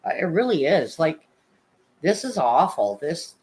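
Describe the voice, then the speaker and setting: A woman's voice: sits low, sing-song, measured pace, a little mellow, rough recording. A woman hosting a livestream, giving earnest advice and repeating key words for emphasis. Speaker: livestream host. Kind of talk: heartfelt advice chat.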